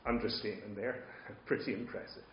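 A man preaching a sermon, moving between quiet asides and loud, emphatic points. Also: on the low side, steady tone, fairly quick. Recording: roomy, slightly dull sound.

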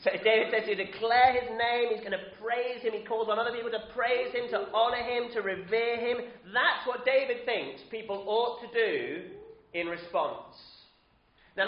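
A high-voiced man leads a lively Easter sermon, coaxing his congregation to shout out. His voice rings through a roomy church, captured with a slightly dull, muffled sound. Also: moderate pace. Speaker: preacher.

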